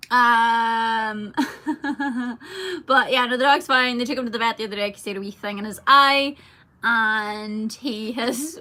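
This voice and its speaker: On a live stream, an Irish singer in her youth talks with a sharp, slightly high voice. She's chatty and giggly, reading out fan comments and responding to them.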